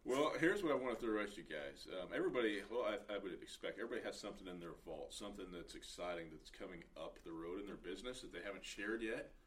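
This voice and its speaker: Brisk male podcast host, distant mic. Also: low-pitched, animated. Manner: brisk, upbeat. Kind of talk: casual podcast chat. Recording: distant mic with faint background noise.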